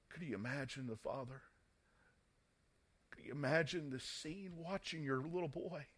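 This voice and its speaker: A man's voice: fairly high pitch, normal speed, pauses often. A man preaching a sermon in a dramatic manner, reading scripture and rising to fervent emphasis.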